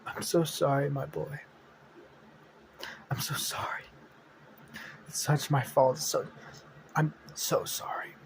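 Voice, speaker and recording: A man's voice: fairly high pitch, takes it slowly, pauses often, darkish tone, slight background noise. A man voicing a fierce grieving demon mother. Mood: tearful.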